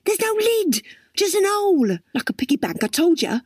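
A woman voicing a scornful, sharp-tongued scheming woman with a shrill, bossy manner in a storybook reading. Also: very animated, moderate pace, no echo, clean studio sound.

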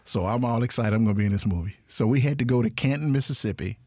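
A man's voice: quick pace, no room sound, studio quality. A man telling a story in casual chat, acting out the people he quotes and laughing often. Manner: animated, acts out quoted voices with big pitch jumps. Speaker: guest storyteller.

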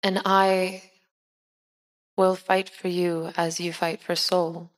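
An earnest preacher, played by a woman, delivers a soothing sermon in a tabletop role-play podcast. Her voice sits a little low. She talks slowly and gently. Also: flat delivery. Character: female preacher giving a sermon.

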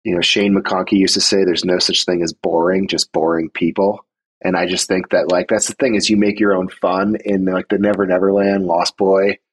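A man's voice: on the low side, slightly rough, rough recording. A man co-hosting a podcast, talking through a film in an emphatic, casual way with many "like" fillers. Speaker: podcast co-host.

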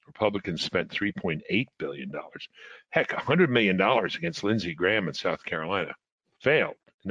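A man with a very deep voice speaks as a panelist in a political discussion. He is measured and hedging, with many pauses and fillers. The sound is dry and dull. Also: fairly bright tone, dry recording.

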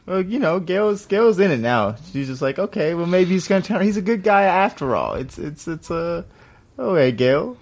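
A man's voice: sits high, big pitch swings, moderate pace. A man co-hosting a podcast, making dry joking asides during a casual episode recap. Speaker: podcast co-host. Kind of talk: casual chat.

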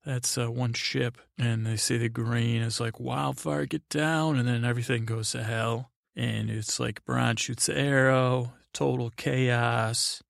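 A man hosts a sleepy, rambling recap podcast in a gravelly voice that barely rises or falls. He meanders through restarts and fillers, close to a dry microphone. Everything stays flat and unhurried. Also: no room sound. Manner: meandering, full of fillers and restarts, paraphrasing characters in a low-key voice. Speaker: podcast host.

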